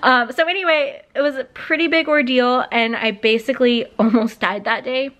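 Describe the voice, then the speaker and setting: Emotional chatty woman vlogger, higher voice. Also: steady tone, normal speed, a bit bright. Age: late 20s. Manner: emotional, rambling with many fillers. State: close to tears. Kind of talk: personal story time.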